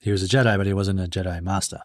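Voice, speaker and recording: A man's voice: low voice, steady tone, rapid-fire. A man co-hosting a podcast in casual chat, eagerly explaining movie lore at length. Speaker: podcast co-host.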